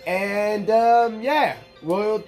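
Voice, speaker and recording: A man's voice: sits high, drawn-out words, a little mellow, soft background music. A man commentating on gameplay in a casual, rambling way, swearing freely and filling his talk with ums and restarts. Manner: rambling and profane, with many fillers and restarts. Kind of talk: casual let's-play storytelling.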